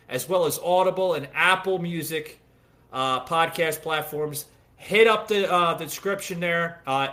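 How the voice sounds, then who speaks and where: A man's voice: on the high side, bright, forceful tone. A man hosting a podcast, talking casually and rambling with many fillers and restarts. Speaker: podcast host.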